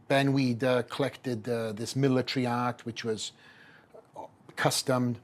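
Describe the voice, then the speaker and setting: A man's voice: medium pitch, slightly rough. A middle-aged man with a Welsh accent, a bodybuilder telling his story as a podcast guest, acting out the voices of people he quotes. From Wales. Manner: animated storyteller who acts out quoted voices.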